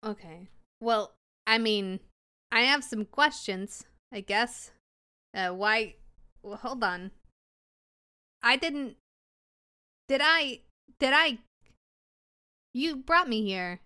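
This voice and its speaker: Bright-voiced woman playing a tabletop game. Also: on the high side, expressive, slow, pauses often, smooth. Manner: playful, narrates her character's actions. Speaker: player. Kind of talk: tabletop role-play in character.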